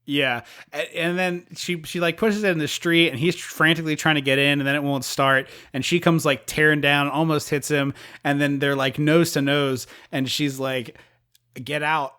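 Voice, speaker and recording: A podcast co-host in casual movie chat, emphatic, dropping low to agree. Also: steady tone, moderate pace, few pauses, pushed and bright, smooth.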